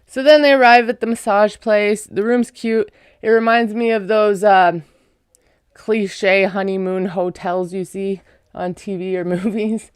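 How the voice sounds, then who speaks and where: A woman's voice: medium pitch, fairly even intonation, a little slow, clear, resonant tone, no echo, studio quality. A woman giving a casual, chatty recap of a reality show, full of sarcastic asides.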